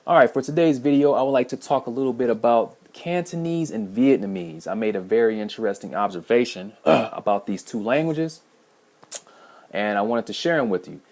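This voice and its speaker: A man's voice: mid-range voice, animated, a little fast, a little mellow. A man hosting a language-learning video, talking casually to camera in a rambling way with many restarts. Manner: rambling, frequent restarts and fillers.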